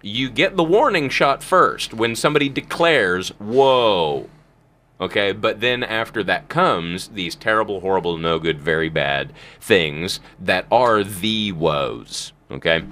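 Low-ish voiced host guy preaching at listeners, emphatic. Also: expressive, slow, bright, forceful tone. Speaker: podcast host. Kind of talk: casual Bible teaching.

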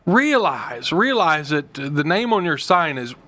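A man from a rural farm background in a casual Bible discussion, talking haltingly and searching for words. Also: fairly high pitch, big pitch swings, sharp tone, dry recording. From rural farm area.

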